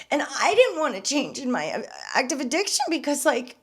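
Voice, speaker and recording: A young woman hosting a podcast, speaking candidly and earnestly about her own past, turning soft and emotional at moments and emphatic at others. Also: high voice, big pitch swings, moderate pace. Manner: earnest and confessional, swinging between soft and emphatic. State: emotional, near tears at times. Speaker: podcast host. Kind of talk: casual personal testimony.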